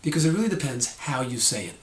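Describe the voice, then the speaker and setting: A man's voice: medium pitch, very animated, fast talker, reverberant. A man teaching a short Torah lesson, explaining and acting out tones of voice.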